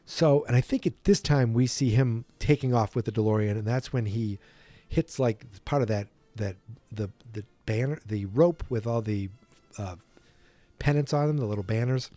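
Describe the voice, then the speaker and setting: A man's voice: mid-range voice, normal speed, warm tone, no echo, faint music behind. A man hosting a podcast, casually retelling a film from memory in a rambling way. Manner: rambling, full of restarts and impressions. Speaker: podcast host.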